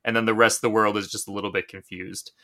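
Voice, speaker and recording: Bright-voiced man musing on a documentary. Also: fairly low pitch, little pitch movement, fast talker. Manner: searching for words, hedging with "like". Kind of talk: casual movie review chat.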